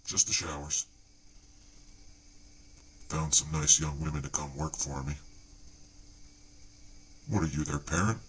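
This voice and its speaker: A man's voice: very deep voice, fairly bright tone, slight background noise, voice pushed down, heavily acted. A man voicing a sleazy, boastful male ghost in a comedy bit, in a smug, leering tone. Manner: smug, leering, mock-casual. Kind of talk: comedy sketch voice via a spirit board.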